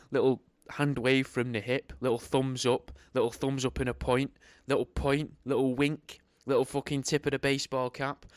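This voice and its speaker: Young male host, sarcastic reader who swears freely; smooth voice, dry close recording. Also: medium pitch, dry recording. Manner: sarcastic, swears a lot, rambling asides. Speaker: host reading a book aloud. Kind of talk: reading aloud with off-the-cuff commentary.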